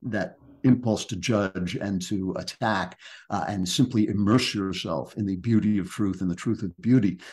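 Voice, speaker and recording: A man's voice: fairly low pitch, normal speed, a little mellow. A man speaking as a podcast guest author, reflective and emphatic, often restarting his sentences. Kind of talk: podcast interview conversation.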